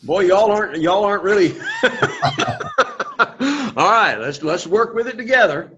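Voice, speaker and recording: A man teaching Greek to a class, coaxing students and repeating words slowly for pronunciation. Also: high-pitched, expressive, a bit bright, muffled recording, slight background noise. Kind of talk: classroom lesson.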